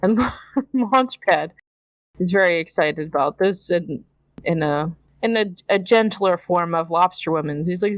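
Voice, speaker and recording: A woman's voice: lowish voice, measured pace, no room sound, lo-fi sound. A woman from Canada hosting a podcast, casually recapping a cartoon episode, laughing often and imitating characters as she quotes them. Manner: chatty, laughs often, mimics characters when quoting. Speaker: podcast host.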